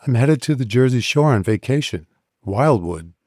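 A man's voice: mid-range voice, animated, normal speed, a little mellow, husky, no room sound, clean studio sound, pitched above the performer's own voice. A man voicing a friendly, teasing young woman bartender in an audiobook. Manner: chatty, playful.

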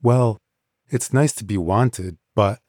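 A man's voice: fairly low pitch, slow, a little mellow, no echo, studio quality. A man voicing a friendly, teasing young woman bartender in an audiobook. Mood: uneasy. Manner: chatty, playful.

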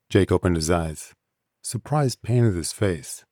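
Measured male audiobook narrator, deep, mellow, dry close mic. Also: expressive, dry recording.

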